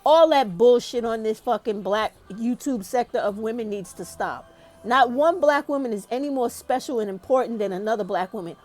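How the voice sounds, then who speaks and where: A woman's voice: a little high, darkish tone. Profane, ranting woman. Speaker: YouTube commentator. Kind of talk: heated opinion monologue.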